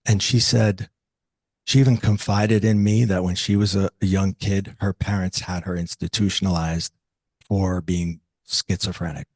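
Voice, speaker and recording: A man in his late forties, an interview guest, telling a personal story in a lively conversational way and acting out the voices of the people in it. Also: sits low, normal speed, dry recording. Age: 40s. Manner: animated, acts out quoted dialogue.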